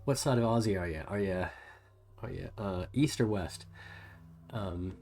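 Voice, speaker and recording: A man with a soft US West Coast American accent, casually chatting with viewers on a livestream while painting miniatures. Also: deep voice, a little slow, creaky. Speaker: livestream host.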